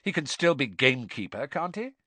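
A man's voice: medium pitch, very animated, brisk, sharp tone, breathy edge, no room sound, voice pushed up, exaggerated voice. A man voicing a snooty teenage schoolgirl with a hard, dismissive tone.

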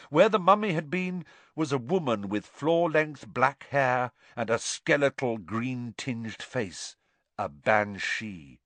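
A man narrating a story in a dramatic, expressive reading style. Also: mid-range voice, dry recording. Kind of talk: audiobook narration.

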